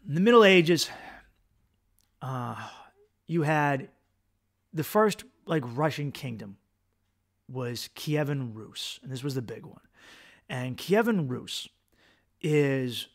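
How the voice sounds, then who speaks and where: A middle-aged man rants through his own podcast, animated and profane, slipping sarcastic jokes into a quick history lesson. His voice sits at an ordinary, middle pitch. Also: gravelly. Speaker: podcast host, comedian. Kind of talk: casual opinionated monologue.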